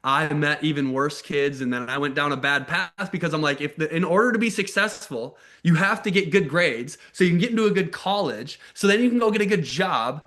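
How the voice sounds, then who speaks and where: A slightly high, bright, forceful voice moves briskly with few pauses as an American man in his thirties describes his life on a video call. The motivational speaker keeps it casual and candid and now and then acts out the people he's quoting.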